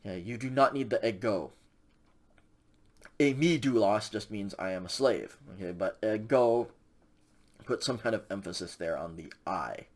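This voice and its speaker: A man's voice: fairly low pitch, normal speed, long pauses, a little mellow. A man teaching a recorded language lecture, walking through grammar patiently with frequent ums and okays. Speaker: Greek instructor.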